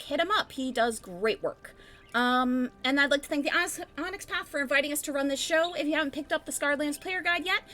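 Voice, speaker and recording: Bright-voiced chatty woman host. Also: high-pitched. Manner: chatty, rambling with fillers. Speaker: stream host. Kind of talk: casual stream announcements.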